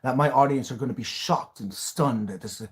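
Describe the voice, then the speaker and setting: A man's voice: medium pitch, moderate pace. A man hosting a live stream, talking bluntly, ranting at times and swearing freely. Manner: blunt, rants and raves, swears. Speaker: livestream host. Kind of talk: live-stream reaction chat.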